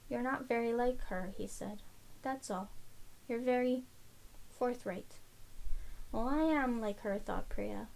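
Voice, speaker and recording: Lady reading a fantasy chapter out loud, steady storyteller pace, bit of a high voice. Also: low-quality recording. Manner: steady storytelling read with occasional slips. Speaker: audiobook reader. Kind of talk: scripted narration.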